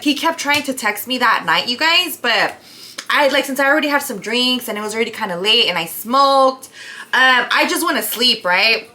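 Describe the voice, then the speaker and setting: A young woman, telling a story in a casual, profane, animated way, full of "like" and "right?". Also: high-pitched, moderate pace. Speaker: vlogger.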